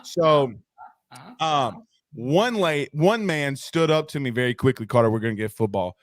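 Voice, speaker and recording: A man, hosting a sports talk show, telling stories in an animated, joking way. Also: mid-range voice, moderate pace, no room sound, studio quality.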